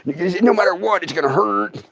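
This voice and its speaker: A middle-aged man telling a story in a casual, drawling way, often dropping to a hush and acting out the sounds. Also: sits high, expressive, fairly quick. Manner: drawling, hushed, acts out sounds. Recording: dull lo-fi dry sound.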